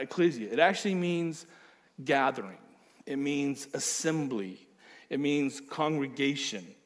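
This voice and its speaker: A male pastor preaching a sermon, emphatic, with repeated phrases and acted-out quotes. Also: a little high.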